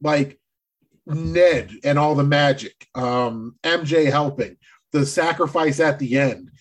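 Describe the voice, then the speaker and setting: Excitable husky-voiced man. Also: on the high side, slow. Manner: excitable, profane, animated. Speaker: podcast co-host. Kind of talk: casual movie discussion.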